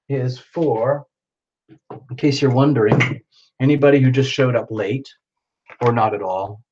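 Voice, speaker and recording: A man's voice: mid-range voice, darkish tone, highs cut off. Playful man hosting a live stream. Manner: playful, chatty, reacting to comments. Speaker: livestream host. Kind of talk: casual livestream chat with viewers.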